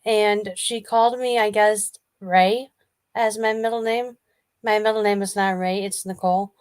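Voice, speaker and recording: A woman's voice: mid-range voice, steady tone, unhurried, clean tone, no room sound. A woman co-hosting a casual show, telling rambling stories and playfully defending herself. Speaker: co-host. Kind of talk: casual chat.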